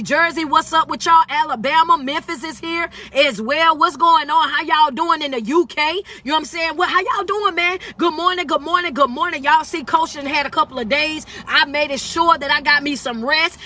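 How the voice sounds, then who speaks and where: A woman, a motivational coach hosting a high-energy live stream and calling out to viewers with folksy slang. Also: sharp tone. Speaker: motivational speaker and life coach.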